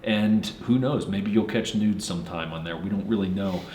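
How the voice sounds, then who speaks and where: Low-voiced joking male gear reviewer. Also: normal speed, a little mellow, echoey room, a little hiss or hum. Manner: joking, rambling with many fillers. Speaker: host of a firearms gear channel. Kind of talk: casual joking review chat. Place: shoot house on a cold night.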